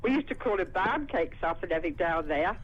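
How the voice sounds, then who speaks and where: A woman's voice: lowish voice, lively intonation, fast. A woman from London with a Cockney accent, calling in to a radio show and rambling in casual chat. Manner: rambling, full of "and that". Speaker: caller. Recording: dull phone line with faint noise.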